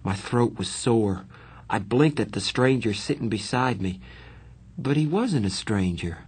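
Husky guy reading a novel out loud, steady and plain, first person. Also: mid-range voice. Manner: measured, plain storytelling. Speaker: audiobook narrator. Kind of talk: first-person audiobook narration.

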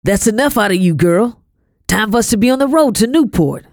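A woman's voice: on the low side, big pitch swings, moderate pace, no room sound, clean studio sound, voice pushed up. A woman reading a storybook, voicing a harsh grown man who owns slaves and speaks in curt commands. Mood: cold, commanding.

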